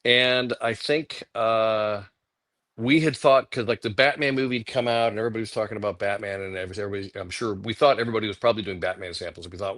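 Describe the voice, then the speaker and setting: A man's voice: fairly low pitch, quick pace. A middle-aged man, a guest comic artist, telling casual stories on a livecast and acting out quoted voices. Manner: animated anecdotes, acting out quotes.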